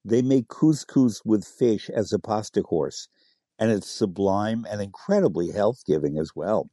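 A man's voice: on the low side, animated, measured pace, dark tone, no echo, clean studio sound. A middle-aged man, a food expert guest in a radio interview, who talks animatedly, relishes words and spells out the names of dishes. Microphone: studio microphone.

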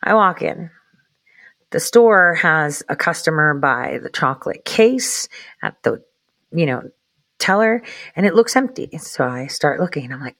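A woman's voice: low voice, expressive, normal speed, fairly bright tone, dry recording. A woman casually telling a personal story in a chatty, profane way, sometimes dropping into whispered asides. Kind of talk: casual anecdote.

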